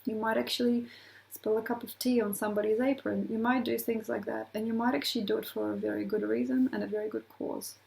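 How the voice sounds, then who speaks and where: Mellow, gravelly-voiced woman astrologer. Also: on the high side, flat delivery, quick pace, rough recording. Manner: rambling, with laughing asides and acted-out quotes. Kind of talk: casual rambling talk to camera.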